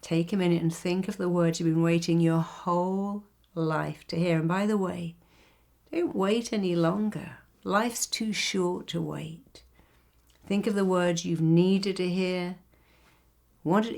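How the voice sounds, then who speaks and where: Older woman therapist, low and gravelly. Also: a little mellow. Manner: emphatic, slows down on key phrases. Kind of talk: motivational talk with storytelling.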